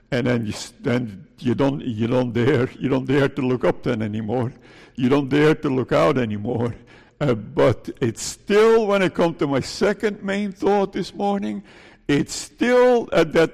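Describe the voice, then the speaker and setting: A male pastor preaching an earnest, halting sermon, often repeating phrases and tagging lines with "eh?". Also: fairly high pitch, gravelly, a little mellow, in a large hall.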